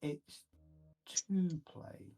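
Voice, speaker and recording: A man narrating a tabletop horror game as game master, describing scenes slowly and carefully. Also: on the high side, very animated, creaky, mellow, poor audio. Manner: slow, measured scene narration. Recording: faint music behind.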